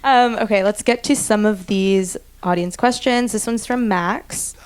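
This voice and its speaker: A woman's voice: mid-range voice, measured pace, smooth. Woman moderating an onstage interview. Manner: brief encouraging responses, reads audience questions. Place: theater stage before an audience.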